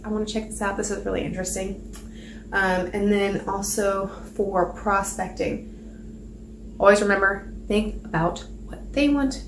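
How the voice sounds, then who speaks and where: A woman sales trainer gives a casual spoken training talk in an echoey room, rambling and chatty with many fillers and restarts. Her voice is mid-range, with a little hiss or hum on the recording.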